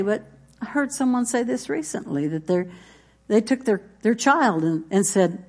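A woman's voice: fairly high pitch, animated, moderate pace, a little mellow. A middle-aged woman pastor, preaching a folksy sermon full of stories. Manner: folksy, storytelling, with congregation responses.

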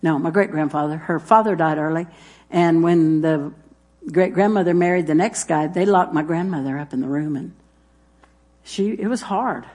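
A woman's voice: sits low, normal speed, darkish tone. Woman preacher, emphatic, repetitive delivery, addresses the congregation directly. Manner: emphatic, repeats phrases, talks straight to listeners. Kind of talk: sermon.

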